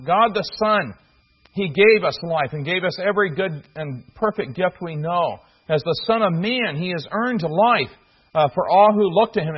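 Husky preacher man, lo-fi sermon. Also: a little high. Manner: earnest, halting with fillers and restarts. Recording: dull lo-fi recording.

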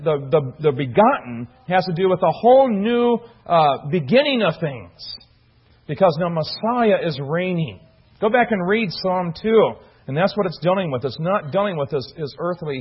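A man's voice: on the high side, breathy edge, dull audio. A man preaching an expository sermon, explaining a Bible passage verse by verse in an earnest teaching manner, often restarting phrases as he stresses key words. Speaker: pastor.

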